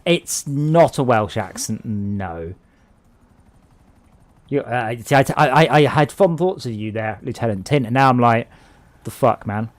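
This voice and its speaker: A man's voice: mid-range voice, expressive, unhurried. Rambling, sweary man chatting while gaming. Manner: rambling, sweary, self-interrupting. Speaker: streamer playing with friends. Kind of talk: casual gaming chat.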